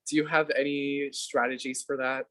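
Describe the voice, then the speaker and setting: A man's voice: mid-range voice, flat delivery, normal speed, a bit bright. A man hosting a casual podcast interview, asking blunt questions with a joking manner. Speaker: podcast host.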